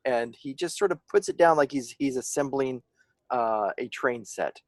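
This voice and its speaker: A man narrating as game master of a tabletop game, often pausing and restarting as he searches for words. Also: medium pitch, animated, no room sound.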